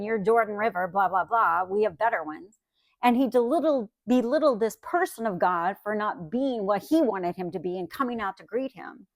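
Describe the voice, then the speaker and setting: A woman's voice: a little high, dry recording, clean studio sound. A woman Bible teacher giving a conversational teaching talk, often checking in with listeners by asking "right?".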